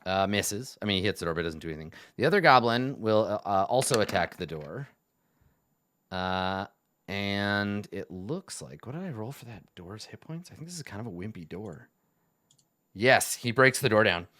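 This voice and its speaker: A man narrating as game master in an online tabletop game, relaxed and chuckling, with plenty of uhs and ums. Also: fairly low pitch, moderate pace, a little hiss or hum. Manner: relaxed, laughing, many fillers.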